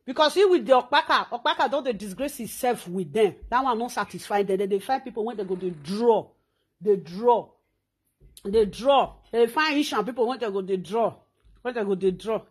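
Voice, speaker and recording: Brief: Nigerian woman host, scolding rant, high and husky voice. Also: lively intonation, normal speed. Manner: scolding, ranting, insulting. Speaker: talk show host. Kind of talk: social media rant.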